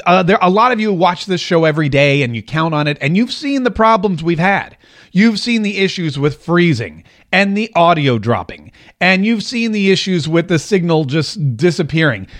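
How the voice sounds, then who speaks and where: A man with a high-ish, somewhat bright voice, from the Jacksonville, Florida area, hosts his own radio and podcast show out of a home studio. In a casual comedic monologue, he jokingly rambles through a self-mocking story.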